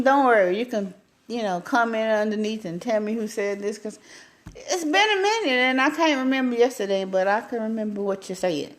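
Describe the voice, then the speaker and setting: Animated woman with sweeping pitch swings. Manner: animated, voice swinging up and down, laughing often. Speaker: live stream host. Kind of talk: casual live stream talk.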